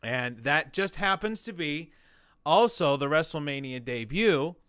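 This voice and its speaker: A man in his forties, a guest telling a long story in an interview, animated and rambling, full of restarts and acted-out quotes. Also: a little high, measured pace, smooth, no room sound, studio quality. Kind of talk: conversational storytelling.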